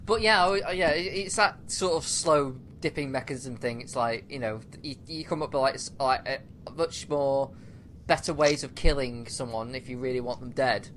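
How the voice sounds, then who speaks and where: A man's voice: mid-range voice, normal speed, a bit bright, slight background noise. A man co-hosting a film review podcast, rambling with fillers and restarts and laughing often. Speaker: podcast co-host. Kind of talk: casual film review chat.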